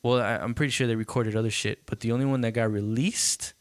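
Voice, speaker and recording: A man's voice: medium pitch, quick pace, dry recording. A man hosting a podcast in casual chat, telling stories animatedly and acting out quotes, with frequent swearing. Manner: animated storytelling, acts out quotes, swears freely. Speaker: podcast host.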